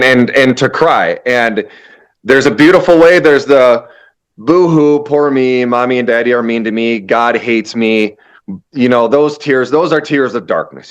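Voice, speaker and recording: A man with a medium-pitched, slightly bright voice appears as a shaman guest in a spiritual interview, talking emphatically and preachily and frequently restarting his sentences.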